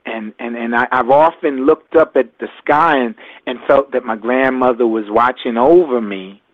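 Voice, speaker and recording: An older man calls in over a tinny, phone-like line and tells a personal story. He is halting and reflective and keeps restarting his words. The sound is close and dry, with no room around it. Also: mid-range voice, dry recording. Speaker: guest.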